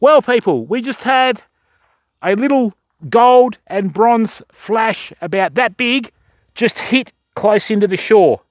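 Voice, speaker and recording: A man's voice: high voice, takes it slowly, dry recording. A Western Australian man hosting a fishing livestream outdoors, bantering and joking with his chat. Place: outdoors by a river shore.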